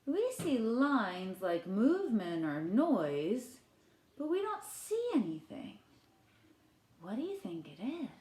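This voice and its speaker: A woman teacher reading a picture book aloud to children, asking gentle questions and putting on playful voices for the characters. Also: a little high, very animated, takes it slowly, reverberant. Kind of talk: children's read-aloud lesson.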